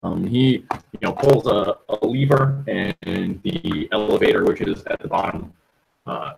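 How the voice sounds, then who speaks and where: Man game master, gravelly and husky, halting narration full of ums. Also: low voice, a little mellow, low-quality recording. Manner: halting, lots of ums and uhs.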